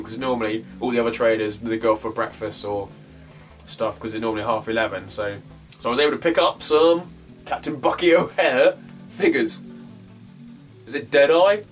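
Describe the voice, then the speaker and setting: A man's voice: mid-range voice, distant mic. A young man rambles through his latest retro game finds, swearing freely as he goes. He sits some way back from the mic, with faint guitar music playing behind him. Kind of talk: casual vlog chat.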